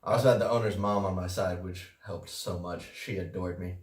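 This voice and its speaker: A man's voice: low-pitched, fairly even intonation, fairly quick. A man co-hosting a casual podcast about restaurant work, telling a story in a laid-back, profane way with the odd chuckle. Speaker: podcast co-host, restaurant worker. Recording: roomy, distant mic.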